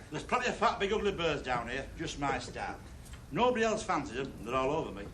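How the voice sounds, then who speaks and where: A cheeky, bawdy Northern rugby man in a 1970s television drama. He speaks with a Northern English accent in a bright, high voice that leaps around. He tells tall tales and boasts with a cocky grin in his voice. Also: sing-song, brisk, slight background noise.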